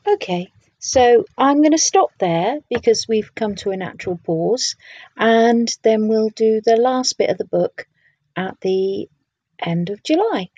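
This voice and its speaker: A woman reading a children's storybook aloud in a gentle, unhurried way and talking to her listeners. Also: mid-range voice, breathy edge, no room sound, lo-fi sound.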